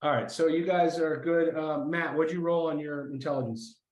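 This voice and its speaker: A man running a tabletop game as game master, halting and often breaking into laughter. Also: fairly high pitch, fairly even intonation, a little mellow, echoey room, lo-fi sound.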